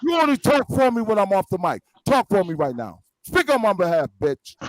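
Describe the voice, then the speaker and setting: A man's voice: sits high, sing-song, fairly quick, dry recording, low-quality recording. A man in a heated argument, cursing and ranting angrily. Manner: angry, profane ranting.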